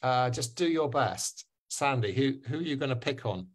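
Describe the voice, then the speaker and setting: A man teaching pronunciation in an online webinar, encouraging and repeating sounds slowly for learners. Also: medium pitch, expressive, slightly rough. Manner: encouraging, drills words slowly and repeats them. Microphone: video call.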